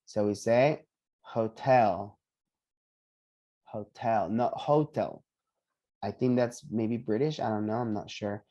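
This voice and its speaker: Patient male English teacher, dark tone. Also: fairly low pitch, fairly even intonation, muffled recording. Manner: patient, repeats words slowly for students. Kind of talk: online pronunciation lesson. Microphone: video call.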